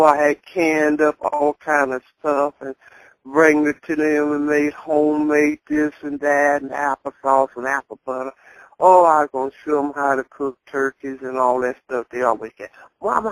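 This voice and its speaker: Gravelly-voiced older woman, blunt and candid. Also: low-pitched, moderate pace, no echo, rough recording. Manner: blunt, candid, chuckling as she talks. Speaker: interviewee. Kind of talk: casual storytelling.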